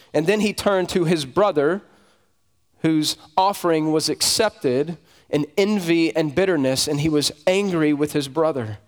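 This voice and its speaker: Male pastor, sermon, slightly raised pitch, conversational with rhetorical questions, long reverb.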